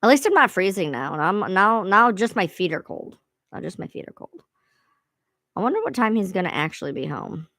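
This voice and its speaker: A woman's voice: medium pitch, sing-song, brisk, few pauses, a bit bright, dry recording. A woman hosting a casual livestream, rambling and swearing freely as she chats to viewers. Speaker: livestream host.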